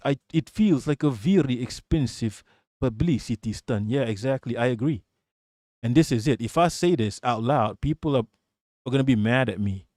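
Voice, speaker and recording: A man's voice: mid-range voice, expressive, moderate pace, a little mellow, no room sound, clean studio sound. Profane, rambling male streamer. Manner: profane, rambling, blunt, talks straight to chat; laughs often between remarks. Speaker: live streamer reading chat. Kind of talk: live-stream political commentary.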